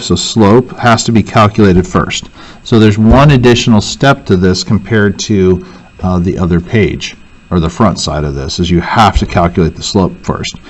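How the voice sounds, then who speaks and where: Low-voiced male teacher thinking aloud. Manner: thinks aloud, self-correcting. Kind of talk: worksheet walkthrough lesson.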